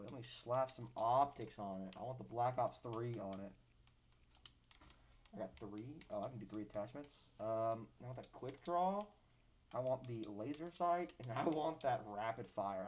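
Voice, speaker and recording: A man's voice: medium pitch, a little mellow, slight background noise. A young man streaming a video game, talking casually, swearing and complaining with mock drama about his losses. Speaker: gaming streamer. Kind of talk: casual live gameplay commentary.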